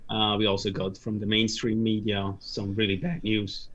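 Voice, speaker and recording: A low-pitched man from Switzerland speaking as a guest in a casual chat. He talks hesitantly, fills pauses with "uh" and sometimes restarts mid-phrase. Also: completely flat delivery, a bit bright, lo-fi sound. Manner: hesitant, many fillers, searching for words.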